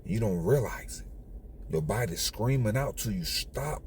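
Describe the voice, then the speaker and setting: A man's voice: fairly low pitch, lively intonation, a little slow, darkish tone, slight background noise. A man hosting his own channel, lecturing viewers in a preachy, repetitive monologue. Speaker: channel host.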